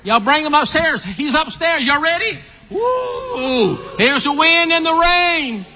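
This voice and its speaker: A man preaching an animated sermon, acting out a story with volunteers and calling out to the congregation. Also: moderate pace, big-room sound. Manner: animated, calls out to the audience, builds to excited high shouts.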